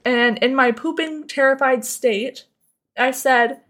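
A woman's voice: on the high side, moderate pace, a bit bright. A woman co-hosting a podcast, telling a rambling, profane, comic story in a casual chat. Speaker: podcast co-host.

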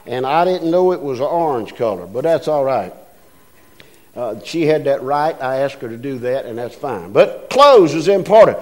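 A man's voice: mid-range voice, animated, normal speed. An older man preaching a folksy sermon, telling homespun stories and acting out the voices in them. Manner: homespun storytelling, acts out voices in anecdotes.

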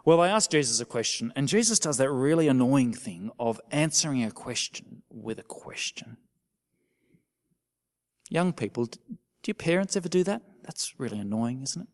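A male minister preaching a sermon, asking the congregation questions and dropping to a soft voice at times. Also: medium pitch, normal speed. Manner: animated, questioning the congregation with sudden soft drops.

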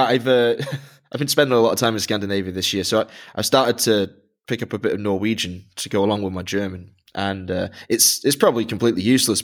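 A man in his thirties co-hosting a podcast, chatting casually and at length with self-deprecating asides. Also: on the low side. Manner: chatty, self-deprecating, long winding answers. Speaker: podcast co-host. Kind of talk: casual chat.

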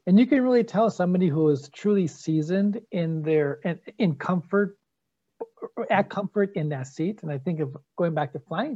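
A host in a casual interview, telling travel stories in a calm, reflective way. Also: medium pitch, no echo. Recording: dull dry sound.

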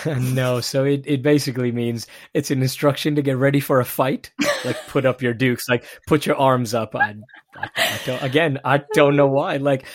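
A man's voice: medium pitch, fairly even intonation, normal speed, no room sound, studio quality. A man guest on a podcast, talking casually in a laid-back way with frequent restarts and light laughs. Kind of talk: casual chat.

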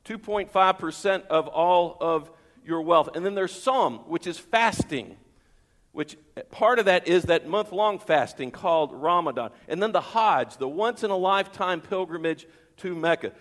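High-voiced man preaching with hall echo. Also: animated, a little slow, fairly bright tone. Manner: emphatic, rhetorical questions and repetition. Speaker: pastor. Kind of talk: sermon.

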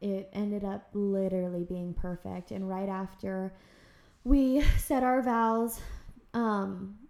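A woman podcast host telling a personal story in a casual, animated chat. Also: mid-range voice, slow pace, gravelly. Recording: roomy echo.

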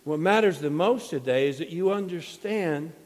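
High-voiced pastor preaching in a reverberant hall. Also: male voice, animated, moderate pace. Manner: dramatic retelling with acted quotes. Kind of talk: sermon. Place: church sanctuary.

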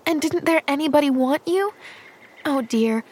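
Storybook role: bright, chatty young girl, high and eager, read by a woman. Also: moderate pace, lightly acted. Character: cheerful eager eleven-year-old girl.

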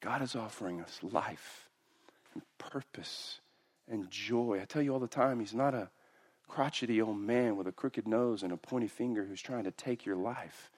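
A man preaching a sermon as pastor, acting out quoted voices with big jumps in pitch. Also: moderate pace.

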